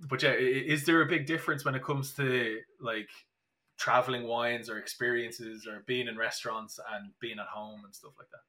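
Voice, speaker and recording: A man's voice: mid-range voice, fairly even intonation, normal speed, sharp tone. A young Irish man chatting as a podcast guest, telling stories with many restarts and fillers. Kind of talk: casual podcast chat.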